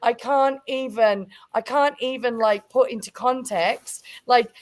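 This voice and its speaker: A woman from Canada, the guest in a casual chat, talking in an excitable, rambling way with many fillers. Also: a little high, measured pace, a little hiss or hum. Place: livestream.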